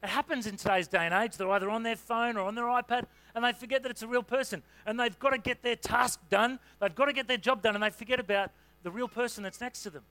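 A man's voice: very high voice, fairly even intonation, fast talker, few pauses, bright, forceful tone, no echo. A man preaching a sermon in a conversational, humorous way, with asides and fillers. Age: adult parent.

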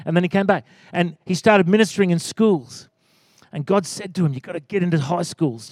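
Pastor in his forties, high voice, dry close sound, lively preaching with calls for amen. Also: no room sound. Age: 40s. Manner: animated, rising to loud exclaims and calls for amen. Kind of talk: sermon.

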